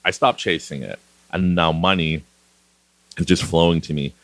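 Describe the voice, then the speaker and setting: A man's voice: sits low, fairly even intonation, moderate pace, no echo. A middle-aged man from Canada hosting a podcast, rambling casually and laughing often as he talks. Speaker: podcast host. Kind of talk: casual monologue.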